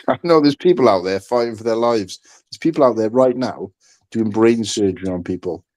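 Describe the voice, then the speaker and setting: A man from the United Kingdom co-hosting a casual livestream chat, telling animated stories and swearing freely. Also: lowish voice, moderate pace.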